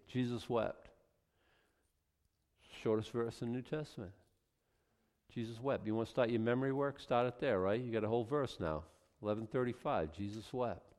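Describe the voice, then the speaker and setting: A pastor preaching a sermon, reading scripture quietly and then building to loud, emphatic exhortation. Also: male voice, medium pitch, sing-song, brisk. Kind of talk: expository sermon. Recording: long hall reverb.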